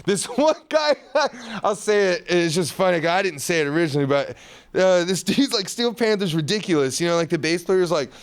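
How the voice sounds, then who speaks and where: Casting: man, guest musician-painter, rambling slangy storyteller, slightly high, smooth voice. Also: sing-song, a little fast. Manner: rambling, laid-back, lots of slang and laughter. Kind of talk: casual interview storytelling.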